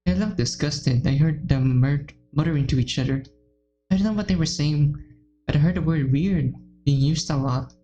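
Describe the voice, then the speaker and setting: A woman reading aloud as a timid, anxious, self-blaming teenage girl in a visual novel game, in a low, mellow voice. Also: normal speed, slight background noise, lightly acted, low-quality recording. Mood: recounting.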